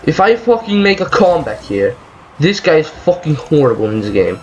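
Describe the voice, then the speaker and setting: A man's voice: a little high, big pitch swings, moderate pace, a little mellow, lo-fi sound, soft background music. Swearing, ranting gamer man. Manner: swearing, ranting about lag. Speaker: gaming video creator. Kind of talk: angry gameplay commentary.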